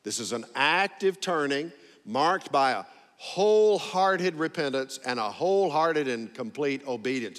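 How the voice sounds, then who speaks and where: A man preaching a sermon to a congregation, drawing out emphatic phrases and calling for responses. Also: fairly high pitch. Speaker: pastor. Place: church sanctuary. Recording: long hall reverb.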